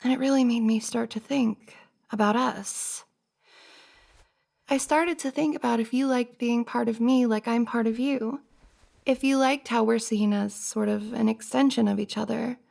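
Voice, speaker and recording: A young woman in a whispered role-play, playing a flustered best friend who talks softly and earnestly, pleading and hesitant. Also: fairly high pitch, steady tone, moderate pace, gravelly. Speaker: ASMR roleplay performer.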